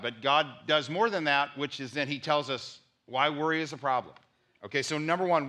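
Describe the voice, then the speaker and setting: Bright-voiced man preaching a sermon. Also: a little high, moderate pace. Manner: conversational preaching, repeats for emphasis. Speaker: pastor.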